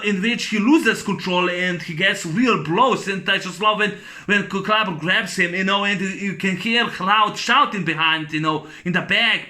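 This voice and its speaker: A man's voice: sits high, pushed and bright. A man reviewing a film in a rambling, enthusiastic way, with lots of fillers and restarts. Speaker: movie reviewer. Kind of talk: casual spoken film review.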